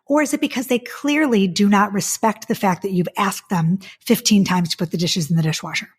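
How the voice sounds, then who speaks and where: A woman's voice: medium pitch, a little fast, slightly rough. A woman speaking as a podcast guest in a casual conversation, blunt and profane, telling stories about her own life.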